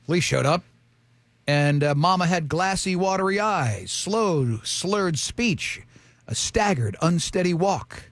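A man's voice: high-pitched, expressive, slow, dry recording. A man hosting a radio show, telling a story in joking casual banter. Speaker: radio host.

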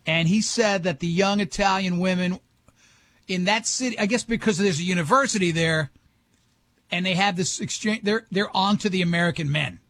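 A man's voice: high-pitched, moderate pace, a bit bright. A middle-aged man hosting a talk show, telling rambling, joking stories in casual chat. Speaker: radio show host.

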